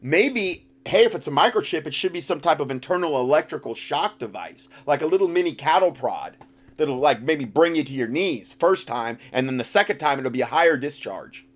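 A man with a slightly raised pitch, reading documents aloud and cutting in with sarcastic commentary. He mocks what he reads and breaks into loud, exaggerated outbursts. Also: animated, brisk. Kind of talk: sarcastic commentary with read-out passages.

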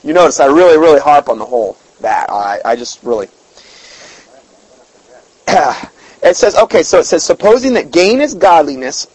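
A man's voice: a little high, animated, moderate pace, pauses often, slightly rough, poor audio. A man preaching an informal sermon in a folksy, emphatic way, often repeating words and reading scripture aloud.

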